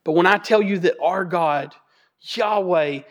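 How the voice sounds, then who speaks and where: Male preacher, high voice, casual jokey delivery, repeats key points for emphasis. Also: a little slow. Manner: conversational and joking; emphatic repetition. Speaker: Bible teacher. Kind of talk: Bible teaching sermon.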